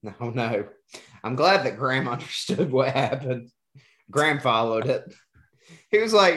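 Bright-voiced man joking about movies. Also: mid-range voice, a little slow, pauses often. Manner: jokey, animated, does silly voices. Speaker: podcast co-host. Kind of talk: casual movie discussion.

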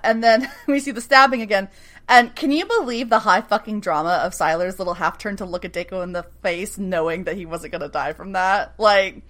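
A woman co-hosting a casual recap chat, animated and profane, acting out characters' lines as she goes. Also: medium pitch. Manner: animated, swears freely, acts out lines in quick asides. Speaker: podcast co-host recapping a TV episode.

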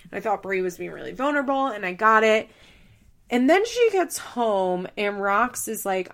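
Young woman with a gravelly, chatty delivery. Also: mid-range voice, big pitch swings, normal speed, fairly bright tone. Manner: chatty, heavy use of "like", laughs as she talks. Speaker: podcast host. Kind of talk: casual reality TV recap.

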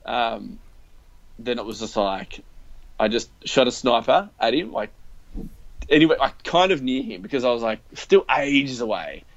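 A man's voice: mid-range voice, expressive, moderate pace, gravelly. A young man, chatting casually as a podcast co-host and telling a rambling story, acting out the lines he quotes. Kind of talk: casual chat. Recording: dull, lo-fi, dry.

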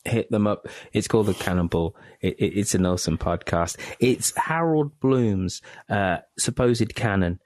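A British man hosting a podcast, wrapping up an interview in a chatty, halting way with lots of fillers and repeated words. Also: fairly low pitch, darkish tone, no room sound. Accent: British English. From England. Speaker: podcast host. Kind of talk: casual interview wrap-up.

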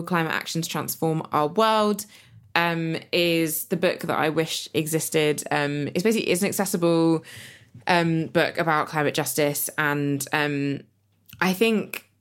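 A woman co-hosting a podcast, speaking reflectively in casual conversation, with many fillers and restarts. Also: low-pitched. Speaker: podcast co-host and author.

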